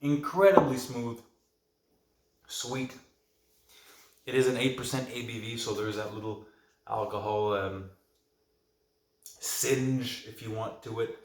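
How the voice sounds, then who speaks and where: A man's voice: medium pitch, slow pace, pauses often. A man in the middle of his range chats to camera like he's hanging out with a friend, rambling along with plenty of ums and restarts. His voice carries a noticeable room echo, as if recorded at home in a bare space. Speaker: vlog host reviewing films and beer. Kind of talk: casual rambling chat to camera. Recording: echoey room.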